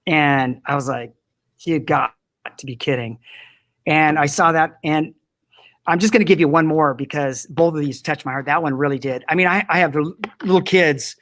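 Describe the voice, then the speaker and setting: A man's voice: fairly high pitch, moderate pace, fairly bright tone. A man talking as a guest in an interview, enthusiastic and rambling, with many restarts. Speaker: product company founder, guest. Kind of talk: casual interview talk.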